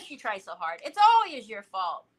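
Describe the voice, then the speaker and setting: A woman hosting a live crafting stream, chatting casually and telling animated stories as she works. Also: fairly high pitch, a little slow, a little hiss or hum, poor audio. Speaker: craft livestream host.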